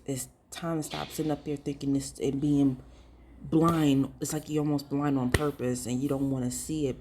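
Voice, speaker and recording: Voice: mid-range voice, creaky, warm tone, slight background noise. A ministry vlogger giving earnest, emphatic commentary and talking straight to viewers in a casual, pleading way. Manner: casual and direct, addressing viewers as y'all. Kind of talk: preachy vlog commentary.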